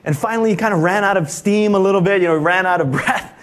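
A man's voice: sits high, quick pace, a bit bright. A male pastor preaching a sermon in an emphatic style, often calling out "Amen?" to his congregation. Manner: emphatic, repeatedly asks "Amen?". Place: church service.

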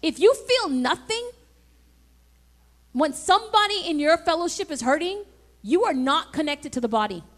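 Woman pastor with a high voice, preaching emphatically with call-and-response. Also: big pitch swings, moderate pace, long pauses. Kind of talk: sermon.

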